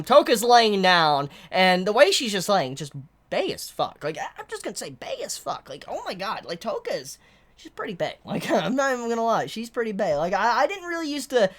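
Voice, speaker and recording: A woman reviewing a manga chapter in a casual vlog, excitable and exasperated, swearing freely. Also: lowish voice.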